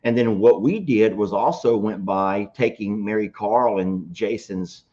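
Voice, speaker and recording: A man's voice: on the low side, a little slow, mellow. A man, co-hosting a farm sanctuary show in casual, joking chat. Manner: folksy storyteller, joking. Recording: dull lo-fi sound.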